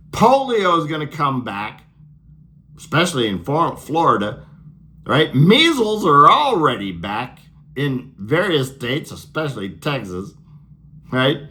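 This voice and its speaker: A man's voice: a little high, pushed and bright. A man delivering a sarcastic, profane political rant, laughing at his own jokes. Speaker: political vlogger.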